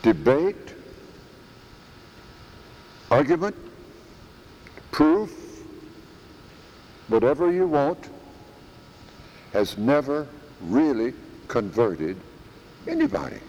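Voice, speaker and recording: A man delivers a sermon in a slow, deliberate way, his pitch swinging widely as he leans on key words. He repeats phrases for emphasis. His voice carries a long reverb from a church hall, with faint background noise. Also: sing-song, darkish tone, dull audio. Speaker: preacher.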